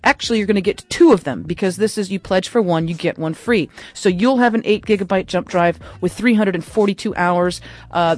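Chatty woman hosting a radio pledge drive. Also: medium pitch. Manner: enthusiastic, chatty, laughs often. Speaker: radio fund drive host. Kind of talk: live radio pledge pitch.

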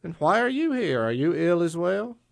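A man playing a proud, quick-tempered woman writer in a storybook, firing off sharp retorts and pointed questions. The voice sits well above his usual pitch, with a gravelly edge. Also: big pitch swings, exaggerated voice. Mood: indignant.

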